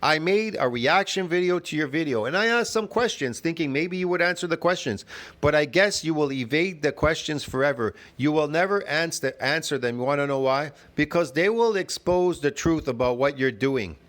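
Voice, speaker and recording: Man, fairly high voice, combative reaction commentary, scoffing, keeps saying bro. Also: moderate pace, fairly bright tone. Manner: combative, laughing, says "bro" and "get it?". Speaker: fitness vlogger reacting to a video.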